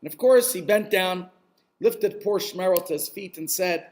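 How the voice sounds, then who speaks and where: A man telling a Hasidic story aloud, animated and sprinkled with Yiddish words. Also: high-pitched, normal speed.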